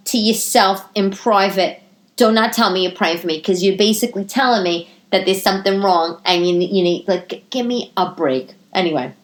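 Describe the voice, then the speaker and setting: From her living room, a woman hosts a casual solo podcast. She talks in an animated, profane way, her pitch swinging up into high exclamations.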